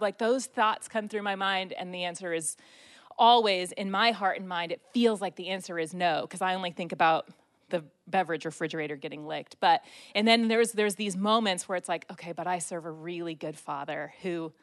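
A woman's voice: medium pitch, steady tone, moderate pace. Self-mocking mother telling a story. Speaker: speaker sharing a personal story. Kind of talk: storytelling talk.

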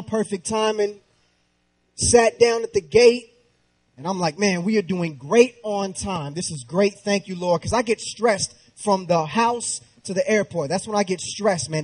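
A man in his thirties preaching through a comic personal story, animated and slangy. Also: sits high. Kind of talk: humorous sermon storytelling.

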